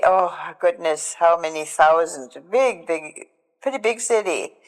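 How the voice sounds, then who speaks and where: An older woman tells her personal testimony in a halting, emotional way, often breaking off and restarting her sentences. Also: lowish voice, big-room sound, rough recording. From Germany. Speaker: Holocaust survivor giving testimony.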